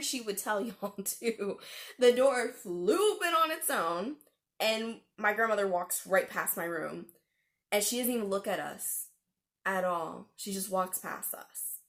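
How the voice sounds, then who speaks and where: A young adult woman talks straight to her viewers, telling a personal story in a relaxed, chatty vlog style. Her voice sits at an ordinary middle pitch, and she peppers her telling with slang and casual fillers. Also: a little slow. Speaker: vlogger.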